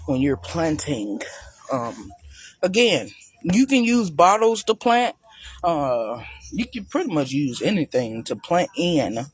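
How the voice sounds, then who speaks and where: A man's voice: fairly high pitch, big pitch swings, slow pace, slightly rough, no echo. A man giving a casual, chatty walk-through of his garden for viewers, talking loosely and calling them y'all. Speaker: gardening vlogger. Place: outdoor garden.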